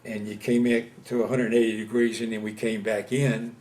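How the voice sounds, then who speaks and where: Older man telling war memories, halting. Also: lowish voice, level tone, a little mellow. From Louisiana, US. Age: 70s. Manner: halting, many pauses and fillers. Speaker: veteran interviewee. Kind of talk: oral history interview. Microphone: interview camera setup.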